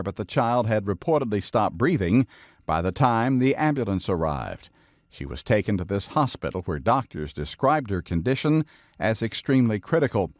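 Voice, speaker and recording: A man reading a scripted news report in a steady, formal delivery. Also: mid-range voice, no room sound, studio quality.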